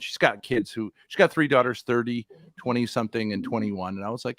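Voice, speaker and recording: A man's voice: medium pitch, expressive, quick pace, a bit bright, no echo. A middle-aged man in crude, mocking casual chat on a live stream, telling stories bluntly. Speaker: stream guest.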